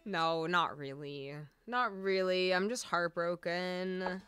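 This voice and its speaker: Bright, slow-talking woman streamer. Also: fairly low pitch, clear, resonant tone, no room sound. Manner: emotional, laughing, rambling with many fillers. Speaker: streamer and singer. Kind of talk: casual livestream chat between songs.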